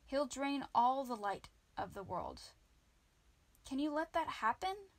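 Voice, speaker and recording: A woman's voice: high-pitched, very animated, slow pace, no room sound, pitched above the performer's own voice, exaggerated voice. A woman doing an urgent, pressing man. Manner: urgent, insistent.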